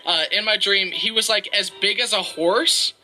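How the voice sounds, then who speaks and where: A young man in casual chat, excitable and quick to react while telling his own dream stories. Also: sits high, slight background noise, poor audio.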